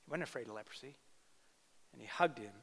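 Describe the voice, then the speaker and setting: A male pastor preaching a sermon, swinging between loud emphatic bursts and quiet intimate asides. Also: mid-range voice, animated, fast talker, creaky, slightly rough. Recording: long hall reverb.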